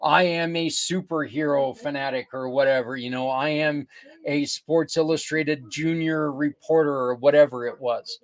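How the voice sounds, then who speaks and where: An older man hosting a podcast, earnestly pitching community partners in a rambling, casual way with many restarts. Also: steady tone, moderate pace. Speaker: podcast host. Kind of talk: casual promotional talk.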